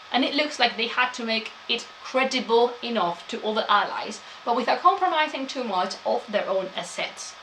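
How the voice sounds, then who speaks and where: A woman's voice: on the high side, bright, forceful tone, slight background noise, poor audio. A woman gives a chatty live-streamed history talk, laughing often and answering chat.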